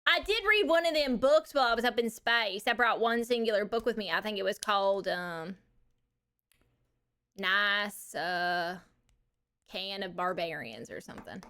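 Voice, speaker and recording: A woman's voice: medium pitch, animated, unhurried, bright, forceful tone, pitched below the performer's own voice. A woman playing a brash, crude Texan woman trucker back from space, drawling and calling everyone baby, for a live stream. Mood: deadpan. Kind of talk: live-stream character bit.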